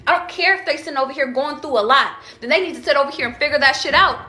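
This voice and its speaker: A woman's voice: high-pitched, rapid-fire, sharp tone. A young woman giving a blunt, profane, fired-up rant as a tarot vlogger, preaching straight to her viewers. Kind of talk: ranting vlog monologue. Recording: echoey room.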